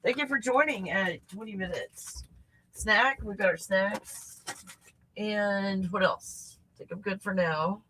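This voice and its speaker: A woman's voice: medium pitch, slow pace, bright, forceful tone, husky. A woman hosting a casual livestream chat, snacking, reacting to viewer comments and swearing freely. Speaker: host.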